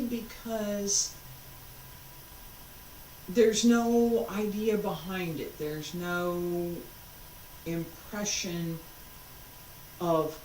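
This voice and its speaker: A woman's voice: mid-range voice, darkish tone, slight background noise. A woman martial arts instructor talking a class through moves, patiently cueing each step as she demonstrates. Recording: roomy sound, mic far off.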